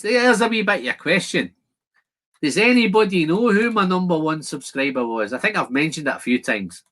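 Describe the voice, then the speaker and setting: Male streamer, bright and slightly high voice, chatty and rambling, casual shed livestream host. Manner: chatty, friendly, rambling with restarts. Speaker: whisky channel host. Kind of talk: casual livestream chat reading comments. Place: garden shed.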